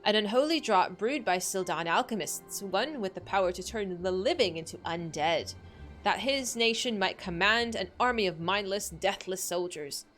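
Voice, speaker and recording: A woman voicing a grieving old woman who tells dark legends in a theatrical, wailing way. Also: medium pitch, expressive, normal speed, faint music behind, natural voice. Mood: ominous. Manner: theatrical, wailing, archaic storytelling. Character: grieving old woman, dramatic and doom-crying.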